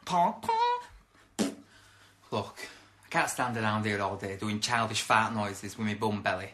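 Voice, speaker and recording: A man's voice: fairly low pitch, measured pace, noisy background, natural voice. An actor playing a brash, boastful and crude young man in a comedy sketch, full of cheeky insults. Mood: chatty. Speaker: comic character.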